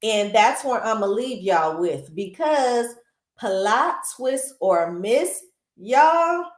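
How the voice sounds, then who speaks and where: A woman hosting a casual movie recap, animated and chatty, with lots of asides to her viewers, recorded in a roomy space. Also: a little high, extremely slow. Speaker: film recap host. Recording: roomy echo.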